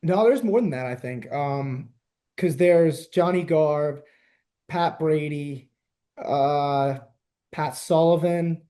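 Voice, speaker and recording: A young man from the New Jersey–New York area, hosting a podcast in casual, animated chat and laughing often. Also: on the high side, slow pace. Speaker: podcast host.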